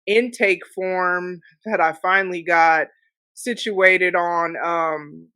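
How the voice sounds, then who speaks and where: Host: woman, bright and crisp, talks things through with many filler phrases. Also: on the low side, steady tone, takes it slowly, no echo. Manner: thoughtful, reflective, with frequent filler phrases. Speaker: podcast host. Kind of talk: casual conversational chat.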